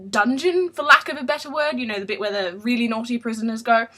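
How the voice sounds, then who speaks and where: A woman's voice: fairly high pitch, fast talker, sharp tone. A woman giving a casual book review vlog, chatty, with lots of ums and restarts.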